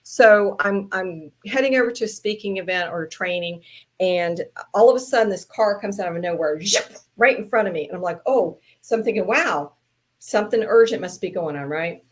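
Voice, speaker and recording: A woman with a Southern US accent, chatting as a podcast guest and telling stories in a playful, animated way. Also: mid-range voice, moderate pace. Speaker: podcast guest, trainer and speaker. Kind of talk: casual panel chat.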